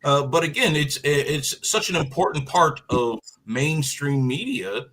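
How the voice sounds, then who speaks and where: A man speaks as a guest on a radio talk show, pressing an earnest political argument in conversation. His voice sits a little high and moves a little slowly, with a fairly bright tone, and he keeps using fillers and restarting his sentences. The audio quality is poor.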